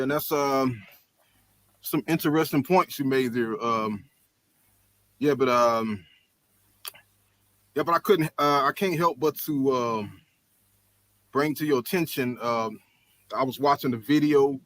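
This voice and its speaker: A man's voice: mid-range voice, unhurried, pauses often, a bit bright, dry recording. A man calling in to a live stream, talking casually and hesitantly with many ums and short laughs. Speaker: caller. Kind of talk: casual call-in conversation.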